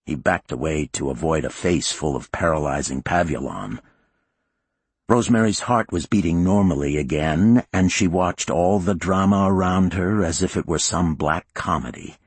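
Male audiobook narrator, very deep voice, husky, dry close recording, measured grave thriller reading. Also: no echo.

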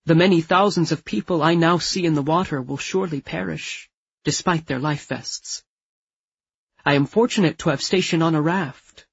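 A man narrates in the first person with a stiff, formal precision. His voice is gravelly and slightly husky, and it sits a touch higher than most men's. The recording is dry and dull, with little top end. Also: dry recording. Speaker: audiobook narrator.

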